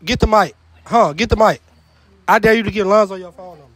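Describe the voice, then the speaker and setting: A man with a high voice hosts a truth or dare game in a room at a house party. He is loud and joking, swears freely and often stumbles over his words. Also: fairly quick, no echo. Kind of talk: casual party chat.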